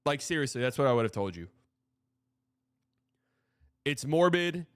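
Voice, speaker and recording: A man's voice: medium pitch, lively intonation, a little slow, dry recording. Profane, rambling male sports streamer. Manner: frank, profane, rambling with restarts. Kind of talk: casual live-stream commentary.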